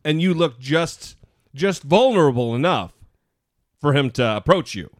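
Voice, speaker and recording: A man hosting a podcast, teasing and joking through relaxed chat with a lively, swinging delivery and a slightly high voice. The sound is close and dry, with no room around it. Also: a little slow, no room sound. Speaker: podcast co-host. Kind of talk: casual chat.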